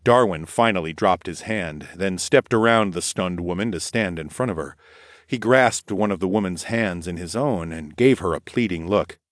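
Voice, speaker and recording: A man narrates a first-person story in a low, measured voice. His delivery is steady storytelling. The recording is dry and close, with no room sound. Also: no echo. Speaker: audiobook narrator.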